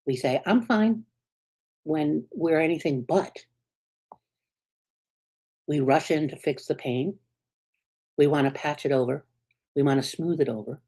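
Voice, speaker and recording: A woman minister from the United States giving a sermon in an earnest, conversational way. She often checks in with the congregation and moves between soft, hushed asides and sudden emphatic peaks. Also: sits low, fairly even intonation, a little slow, pauses often, slightly rough.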